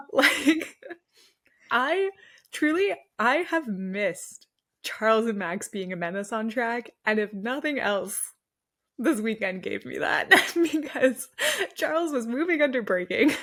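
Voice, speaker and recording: A woman's voice: medium pitch, a bit bright. A young woman co-hosting a casual racing recap, laughing often and joking as she talks. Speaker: podcast co-host. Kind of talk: casual sports recap chat.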